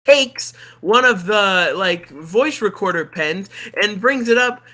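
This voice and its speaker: A streamer telling a movie plot as a comedic rant, animated and giggly, with frequent swearing. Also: medium pitch, slow.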